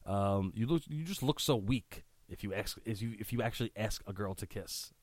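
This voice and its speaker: A man hosting a casual solo podcast, reading out lines with crude asides, sniffly and clearing his throat often. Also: on the low side, expressive, normal speed, no room sound. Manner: crude, laughing, breaks off into asides. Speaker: podcast host.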